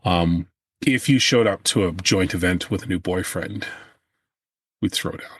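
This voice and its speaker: A man's voice: sits low, measured pace, husky, dry recording, clean studio sound. A man co-hosting a podcast, chatting casually and joking. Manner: joking, teasing. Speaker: podcast co-host. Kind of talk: casual chat.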